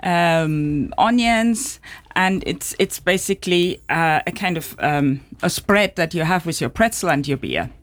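A woman guest on live radio, explaining dishes with many pauses and fillers. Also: lowish voice, animated. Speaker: studio guest.

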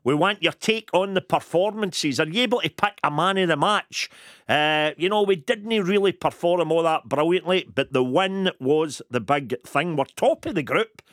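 A man's voice: on the high side, normal speed, a bit bright, no room sound, studio quality. A man with a Scottish accent hosting a casual radio phone-in, chatty and jokey, asking listeners to get in touch. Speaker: radio host.

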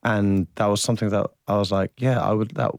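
A man speaking as a radio interview guest, earnest and halting as he searches for words in front of a studio microphone. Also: on the low side, steady tone, gravelly, dry recording. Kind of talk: reflective radio interview talk.

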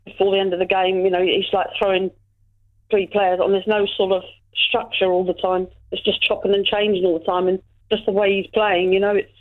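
Brief: woman caller, halting casual football chat, tinny phone-line sound. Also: medium pitch, little pitch movement. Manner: halting, full of fillers and restarts.

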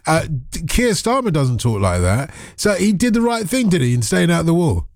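Male phone-in host, chatty, a touch high, dry studio sound. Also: very animated, a little fast, no room sound. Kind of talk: radio phone-in chat. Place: radio studio.

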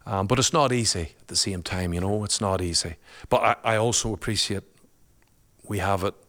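A man's voice: fairly low pitch, a little fast, fairly bright tone. A man, a guest and father, telling a personal story in a chatty, colloquial way, laughing often.

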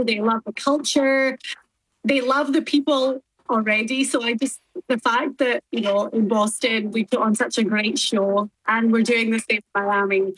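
Chatty Scottish woman, husky voice. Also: a little high, dry recording, rough recording. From Scotland. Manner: chatty and animated. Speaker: guest. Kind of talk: casual chat on a remote link.

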